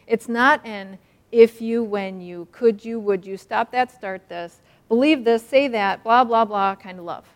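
A woman's voice: on the high side, unhurried, in a large hall. A woman preaching a sermon, earnest and emphatic, acting out a story as she teaches. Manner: earnest and emphatic, acts out stories.

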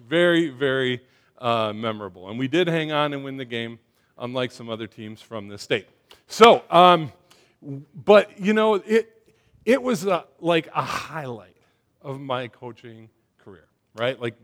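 A man giving a casual sermon to his congregation, talking conversationally with lots of fillers and getting them to shout back. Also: medium pitch. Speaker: church speaker.

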